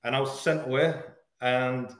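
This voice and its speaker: A man speaks in a middle-pitched voice and tells a hard personal story with blunt honesty. He pauses and stumbles over the heaviest parts, but he keeps going. The room gives his voice a roomy echo. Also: fairly even intonation. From Hull, England. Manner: frank, earnest, halting at painful moments. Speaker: podcast guest. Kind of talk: candid personal storytelling in an interview.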